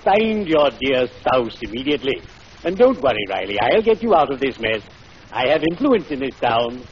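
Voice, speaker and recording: A man puts on a smooth, oily undertaker of middle years, a voice at ordinary male pitch that savours every morbid pun. He speaks in 1940s radio comedy style. The old broadcast sounds muffled and carries a steady hiss. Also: normal speed, natural voice. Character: unctuous gloomy middle-aged male undertaker.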